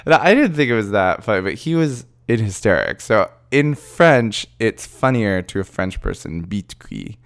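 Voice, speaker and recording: Low, smooth-voiced man chatting casually. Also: very animated, normal speed, few pauses, dry recording, studio quality. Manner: chatty and rambling, many fillers, playful bursts of self-praise. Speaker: podcast host, drag performer. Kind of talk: casual solo chat.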